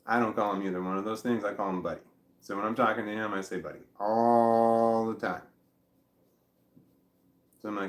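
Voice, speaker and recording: Middle-aged guy rambling through a casual vlog, lowish voice, swears a bit, roomy echo. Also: steady tone. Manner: rambling, halting, profane. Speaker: vlogger.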